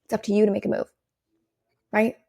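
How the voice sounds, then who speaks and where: A woman hosting her own podcast, giving an energetic, swearing pep talk to her listeners. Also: medium pitch, fairly quick, gravelly, breathy edge, no room sound. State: out of breath. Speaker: podcast host and business coach. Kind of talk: solo podcast monologue.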